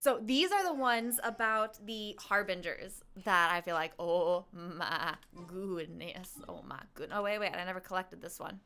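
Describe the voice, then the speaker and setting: A woman's voice: fairly low pitch, lively intonation, measured pace, hardly any pauses, pushed and bright. A woman streaming a game, chatting casually with her viewers and talking to herself as she plays. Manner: hums tunes and quotes game lines. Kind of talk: casual gameplay chat.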